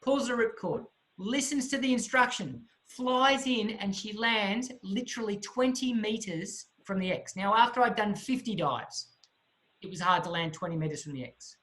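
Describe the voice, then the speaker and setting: A man giving a motivational talk, telling a story in an animated way with vivid sound effects. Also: high-pitched, normal speed, low-quality recording. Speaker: motivational speaker.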